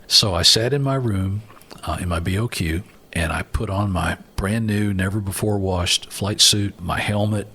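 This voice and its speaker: A man's voice: deep voice, moderate pace, creaky, a little hiss or hum. An older man, a former Marine aviator telling stories from his life as an interview guest, acting out the voices of other people. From Alabama, US. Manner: animated storyteller, acts out other voices. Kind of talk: storytelling interview.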